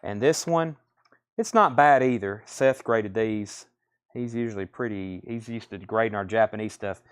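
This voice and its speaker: A man's voice: lowish voice, moderate pace, smooth. A man with a Southern US accent hosting a live record sale, reading off titles, grades and prices and thinking aloud as he goes. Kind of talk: live-stream sales patter. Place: record store.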